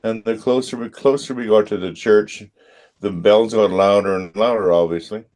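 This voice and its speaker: A man's voice: fairly low pitch, moderate pace, darkish tone. A man from the United Kingdom in a church study group, telling a story in a self-deprecating way.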